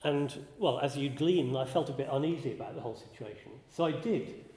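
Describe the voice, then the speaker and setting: A man's voice: medium pitch, fairly quick, dark tone. Wry man telling a story in an echoey hall. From northern England. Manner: wry, self-deprecating, chuckling. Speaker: speaker giving a talk. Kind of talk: anecdotal storytelling to an audience.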